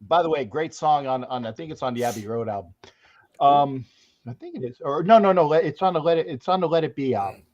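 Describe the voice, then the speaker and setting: On a sports podcast with dull, lo-fi audio, a man with a slightly high, somewhat mellow voice talks fast with lively intonation. He jokes around boisterously and occasionally bursts into song.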